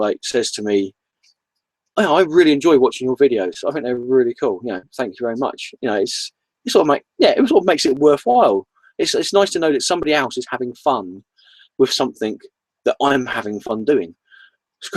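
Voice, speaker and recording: A man's voice: medium pitch, dry recording, poor audio. A man chatting casually on his comic book vlog, enthusiastic and rambling, often repeating himself.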